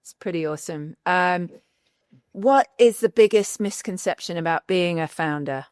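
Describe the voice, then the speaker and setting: Smooth-voiced woman podcast host. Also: lowish voice, moderate pace, a little mellow, no echo, clean studio sound. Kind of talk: interview hosting.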